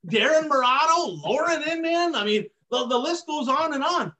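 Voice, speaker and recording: Ranting high-voiced man on a podcast. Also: lively intonation, moderate pace, pushed and bright. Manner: ranting, emphatic, repeats "plain and simple". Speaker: podcast host. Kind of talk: heated casual commentary on dirt track racing.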